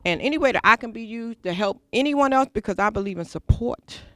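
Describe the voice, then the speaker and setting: A woman's voice: on the high side, lively intonation, a little fast, a bit bright, dry recording, clean studio sound. A woman on a talk show panel giving an earnest, faith-filled testimony with emphatic phrasing. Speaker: panel guest. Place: school venue.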